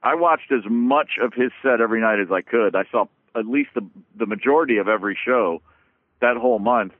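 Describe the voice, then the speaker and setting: A man tells a story in loose, animated conversation, stumbling over restarts and dropping swears as he goes. His voice comes through thin and tinny, like a phone line, with no room sound around it. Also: medium pitch, a little fast, no room sound. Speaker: guest musician.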